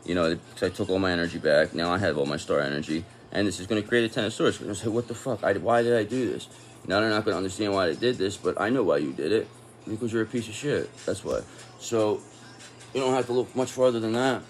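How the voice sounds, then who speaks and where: A man's voice: sits low, quick pace, slight background noise. A man giving a casual tarot reading, talking in an angry, profane and confrontational way. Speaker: tarot reader.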